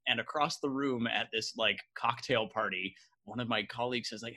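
A man from Canada co-hosting a casual chat, telling animated stories and laughing often. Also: lowish voice, brisk. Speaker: podcast co-host.

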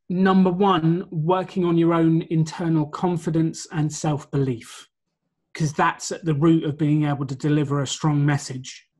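A man's voice: on the high side, slightly rough. A man being interviewed about his work as a presentation coach, explaining his points in a confident, orderly way. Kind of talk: conversational interview.

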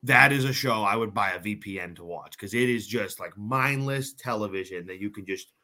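A man's voice: lowish voice, brisk, pushed and bright. A man co-hosting a podcast in casual chat, joking, swearing freely and trailing off with fillers. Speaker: podcast co-host.

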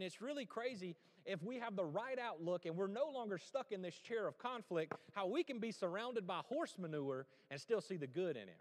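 In a church sanctuary with a big-room sound, a male pastor with a high-pitched voice preaches a sermon. He is animated as he tells a story and poses questions to the crowd.

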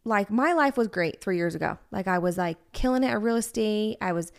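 A woman's voice: medium pitch, expressive, a little fast, creaky. A woman in her thirties co-hosting a podcast, talking candidly and personally, with lots of "like" in her casual chat. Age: 30s. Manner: chatty, heavy use of "like", candid and personal. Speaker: podcast co-host.

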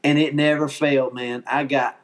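A man's voice: mid-range voice, level tone, normal speed. Easygoing Southern man chuckling through stories. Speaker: podcast guest. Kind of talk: casual chat.

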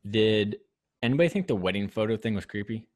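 A young man co-hosting a casual chat podcast, rambling and halting with lots of restarts and fillers. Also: lowish voice, lively intonation, darkish tone. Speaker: podcast co-host.

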